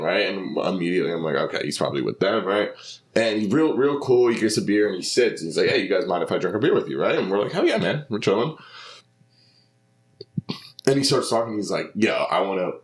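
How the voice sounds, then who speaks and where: A man telling casual podcast stories, animated, acting out other people's lines in shifting voices. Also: low voice. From Philadelphia. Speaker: stand-up comedian.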